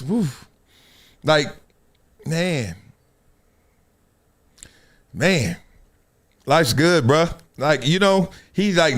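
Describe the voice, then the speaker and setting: A man hosting a casual livestream of sports commentary, talking in an animated, playful way and laughing often. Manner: animated, playful, laughing, jumps between high and low tones. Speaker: host.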